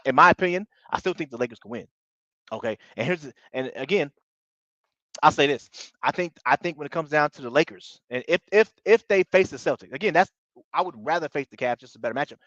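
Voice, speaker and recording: A man's voice: medium pitch, fairly bright tone, no echo, highs cut off. Slangy man hosting a sports live stream. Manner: slangy, repetitive, greets viewers by name. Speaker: basketball channel host.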